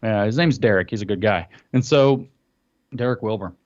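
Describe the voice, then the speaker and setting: A man telling an animated story in casual chat, acting out what others said. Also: fairly low pitch, moderate pace. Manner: animated storytelling, acts out quotes. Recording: dull lo-fi audio.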